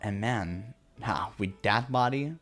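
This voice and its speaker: Sneering cruel young woman captor, as a man puts her on, low-pitched, taunting, visual novel read-aloud. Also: slow, fairly bright tone, faint music behind. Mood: mocking.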